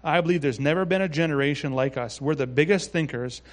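A pastor preaching a sermon in a relaxed, conversational way, reading scripture and adding asides. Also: male voice, a little high, quick pace. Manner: conversational, with frequent restarts and asides.

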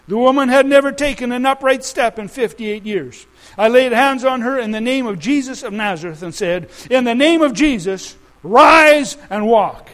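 A man preaching a sermon to a congregation, telling stories dramatically, with loud shouted peaks and quiet asides. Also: normal speed, rough recording. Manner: dramatic storytelling, shouting and dropping to low asides.

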